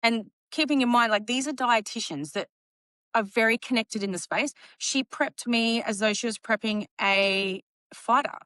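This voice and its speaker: A woman in her late thirties or older, a guest telling her story in casual podcast chat, acting out quotes with a lively laugh. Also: fairly high pitch, moderate pace, no echo. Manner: animated, acts out quotes, laughs often. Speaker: guest, bodybuilding champion.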